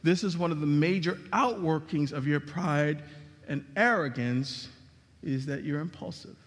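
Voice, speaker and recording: Man, pastor, sermon, high voice, emphatic dramatic delivery, long reverb. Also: measured pace. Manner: emphatic preaching with dramatic drops and rises in pitch.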